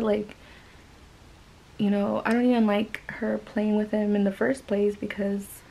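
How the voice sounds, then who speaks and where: Gravelly-voiced woman telling a casual story. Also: medium pitch, flat delivery, a little slow, warm tone, low-quality recording. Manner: rambling, many fillers and restarts. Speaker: mother.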